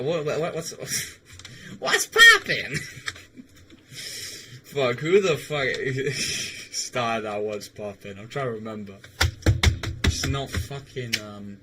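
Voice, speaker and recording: A man's voice: on the low side, background noise. A young man streaming a game, chatting casually with viewers and rambling, stammering and swearing. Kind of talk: casual livestream chat while gaming.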